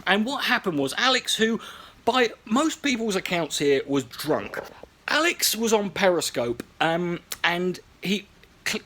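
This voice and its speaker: A man delivering sarcastic, profane comedy commentary as host of his own show. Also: high voice. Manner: profane, mocking, animated.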